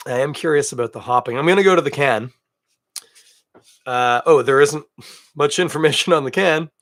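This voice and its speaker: A man's voice: on the high side, normal speed, a bit bright, no echo, clean studio sound. A man from Canada hosting a beer podcast alone, chatting casually and thinking aloud with self-deprecating asides. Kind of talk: casual solo tasting chat.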